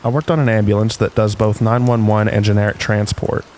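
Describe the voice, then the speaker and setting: A man reads stories aloud in calm, unhurried scripted narration meant to help listeners fall asleep. His voice sits on the low side, with faint rain noise in the background.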